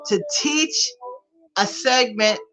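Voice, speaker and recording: A middle-aged woman hosting a live online flash sale, chatting with viewers in an animated, familiar way. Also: fairly high pitch, slow pace, soft background music, rough recording. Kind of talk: live sales chat.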